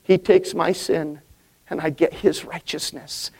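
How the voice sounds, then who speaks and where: A man's voice: a little high, fairly even intonation, unhurried, darkish tone, husky. A male pastor preaching a sermon, building emphatic crescendos and calling for congregation responses.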